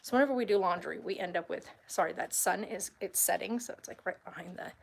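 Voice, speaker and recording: A woman's voice: lowish voice, quick pace, creaky, a little hiss or hum. A young woman chatting casually and rambling a bit as she films a tour of her house and talks to her cats in baby talk. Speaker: vlogger touring her home. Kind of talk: casual home tour vlog. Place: house, indoors and yard.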